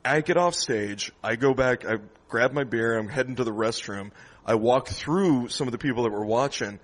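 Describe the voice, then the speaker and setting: Man, comedian, husky voice, animated storyteller, laughs a lot, comedy club chat. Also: medium pitch, moderate pace. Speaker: stand-up comedian. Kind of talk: storytelling after-show chat. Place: comedy club after the show.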